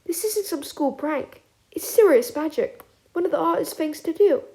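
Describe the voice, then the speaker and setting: A woman's voice: very high voice, normal speed, dark tone, echoey room, voice pushed up. A woman voicing a wary, self-conscious teenage schoolboy who is a werewolf. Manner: wary, hesitant.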